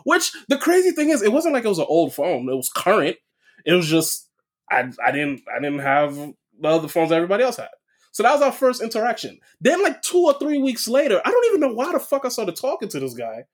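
A man's voice: high voice, wildly swooping pitch, fairly quick. A man on a casual podcast rambling through a story and teasing his friends. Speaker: podcast co-host.

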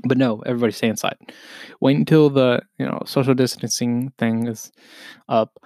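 A man's voice: medium pitch, fairly even intonation, normal speed, a little mellow, no room sound, clean studio sound. A man co-hosting a casual podcast, rambling and swearing freely as he jokes, laughs at himself and keeps burping between sentences. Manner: loose, profane, jokey, laughs at himself. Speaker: podcast co-host. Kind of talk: casual rambling chat, reading posts aloud.

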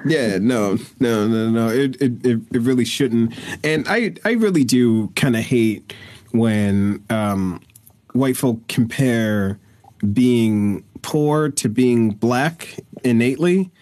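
A man's voice: mid-range voice, slow, no room sound. Man hosting a podcast, dry sound. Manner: relaxed, agreeing, a few stumbles. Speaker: podcast host. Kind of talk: casual conversational interview.

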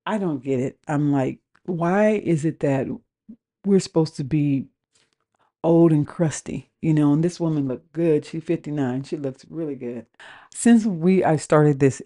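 Speaking in a low, mellow voice, a fifty-something podcaster from the U.S. West Coast gives a frank, casual rant about dating. She swears liberally and performs both sides of the phone calls she describes.

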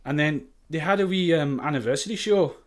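A man's voice: fairly high pitch, fairly quick. A young man from Sheffield with a Sheffield accent, telling a story with lots of swearing and laughter on a podcast. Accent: Sheffield English. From England. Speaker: podcast guest. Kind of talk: casual storytelling chat.

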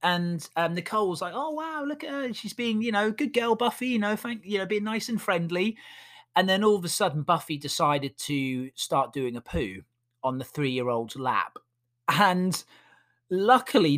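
A man's voice: on the high side, fairly bright tone. A man, a podcast host and dog walker, telling funny stories in a chatty, amused way with many fillers. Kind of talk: casual storytelling.

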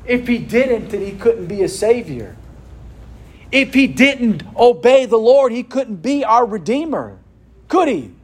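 High-voiced slow-preaching man. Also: big pitch swings. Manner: preaching with rhetorical questions to a responding congregation. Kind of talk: sermon. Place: room with a congregation.

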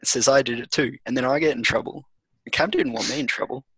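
A man's voice: medium pitch, fast, fairly bright tone, slightly rough, dry recording, poor audio. A young Australian man in casual chat, telling a school story in a laid-back, amused way.

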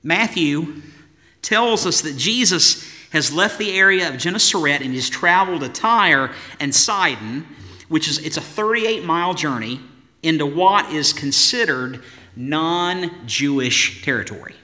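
A man's voice: on the high side, animated, a little slow, bright, forceful tone, big-room sound. A man preaching a sermon as pastor, in an emphatic voice with rhythmic lists and rhetorical questions.

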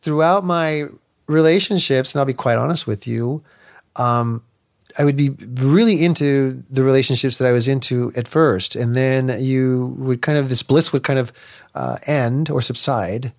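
A man's voice: mid-range voice, moderate pace, vocal fry. A man in an interview, telling frank personal stories in a loose, colloquial way. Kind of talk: candid personal storytelling.

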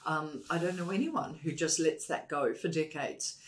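A woman speaking as a guest expert in a conversational interview. She is emphatic and animated, often repeating a point two or three times to drive it home. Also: sits low, normal speed.

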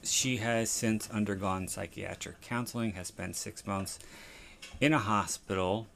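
A man's voice: on the low side, steady tone, a little slow, creaky, fairly bright tone, slight background noise. A man hosting a podcast, reviewing a TV episode in rambling, casual, profane chat. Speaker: podcast host.

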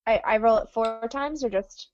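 Brief: woman player, slightly high, plain and brief, dull dry recording. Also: normal speed, darkish tone, no room sound. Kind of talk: casual tabletop role-play.

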